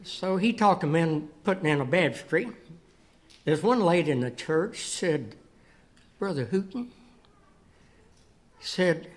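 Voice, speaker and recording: A man speaks to a congregation in folksy, storytelling fashion. His voice sits fairly high. He is a guest speaker giving testimony from the pulpit. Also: lively intonation, moderate pace. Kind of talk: church testimony and sermon. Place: church sanctuary.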